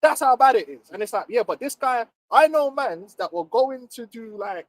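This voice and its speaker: A man holds forth on a live chat stream, heated and profane, jabbing at each point. His voice sits high for a man, and the sound is close and dry with no room around it. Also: normal speed, no room sound, poor audio. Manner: emphatic, profane, animated ranting. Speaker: livestream co-host.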